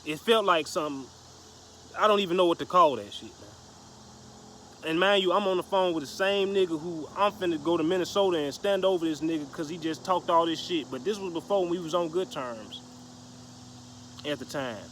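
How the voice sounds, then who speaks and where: Man, slightly high voice, profane, slangy storyteller, rambling with restarts, faint noise behind. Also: a little fast, fairly bright tone. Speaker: vlogger. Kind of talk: casual storytelling vlog.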